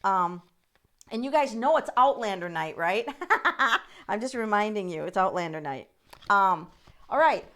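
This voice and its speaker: A woman's voice: mid-range voice, expressive, a little slow, a bit bright. A middle-aged woman hosting a live tarot reading stream, chatting in an encouraging way and addressing viewers by name. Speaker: tarot reader and livestream host.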